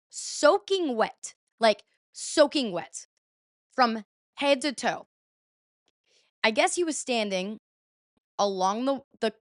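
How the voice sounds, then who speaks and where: A woman's voice: a little high, a bit bright, no room sound, studio quality. A young woman hosting a podcast, telling a travel story in a chatty, casual way, swearing freely and saying "like" a lot. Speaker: podcast host.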